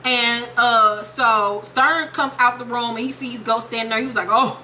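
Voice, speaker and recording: A young woman recapping a TV episode in a casual vlog, sassy, profane and animated. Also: fairly high pitch, normal speed, slight background noise, low-quality recording. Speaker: TV show reviewer.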